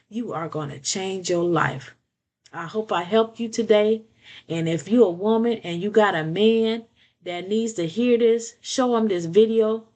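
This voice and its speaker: An older woman giving blunt, preachy relationship advice in a casual monologue, often repeating words and checking in with "okay?". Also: medium pitch.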